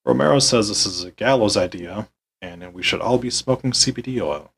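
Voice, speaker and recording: A man with a lowish, husky voice recaps a wrestling show play by play for his podcast. He is deadpan and worn out, with dry sarcasm and frequent swearing. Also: moderate pace, rough recording. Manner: weary, deadpan, swears often.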